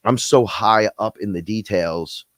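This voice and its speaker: Deep-voiced man rambling in casual talk. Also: a little slow, no echo. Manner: rambling storyteller, swears freely, acts out other people in high voices. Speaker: podcast co-host. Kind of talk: casual live-stream chat.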